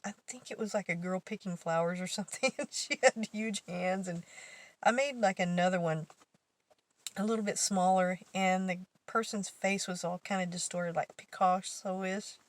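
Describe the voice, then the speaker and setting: A woman's voice: lowish voice, steady tone, normal speed. A woman vlogger casually telling a story, rambling and correcting herself as she goes, laughing often.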